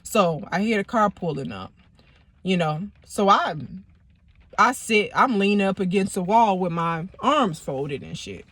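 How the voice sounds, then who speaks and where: A woman's voice: mid-range voice, animated, a little slow, fairly bright tone, no room sound. A woman casually telling a personal story to her viewers, talking loosely with lots of "you know" and some swearing. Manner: conversational, peppered with "you know" and profanity. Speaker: vlogger.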